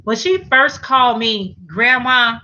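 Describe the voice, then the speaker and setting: A woman's voice: on the high side, animated, slow, sharp tone, muffled recording. A middle-aged woman hosting a casual live stream, chatting and reading viewer comments, often restarting and repeating words.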